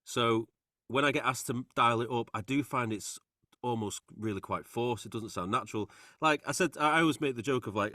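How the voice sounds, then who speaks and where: A man's voice: mid-range voice, a little fast, no room sound, clean studio sound. A man with a Manchester accent co-hosting a podcast, chatting casually, laughing often and poking fun at himself. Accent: Mancunian. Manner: lively, self-deprecating, laughs often. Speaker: podcast co-host.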